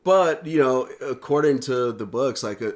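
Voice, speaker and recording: A man co-hosting a podcast, recapping a TV episode in relaxed, agreeable casual chat. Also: mid-range voice, moderate pace. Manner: relaxed, agreeable, with frequent fillers and restarts. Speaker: podcast co-host.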